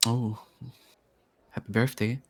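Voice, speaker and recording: A man's voice: medium pitch, little pitch movement, takes it slowly, fairly bright tone, no room sound. A man voicing a courteous, slightly nervous restaurant waiter who hesitates and repeats himself.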